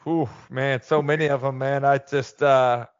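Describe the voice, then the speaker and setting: A middle-aged man, a former football player, talking candidly and telling animated stories as a podcast guest. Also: mid-range voice, unhurried, dry recording. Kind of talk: casual interview chat. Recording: dull, dry lo-fi sound.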